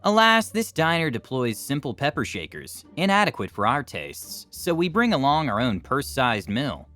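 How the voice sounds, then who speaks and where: Male narrator, animated storyteller with lively pitch; faint music bed. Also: moderate pace. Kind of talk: scripted narration of online stories.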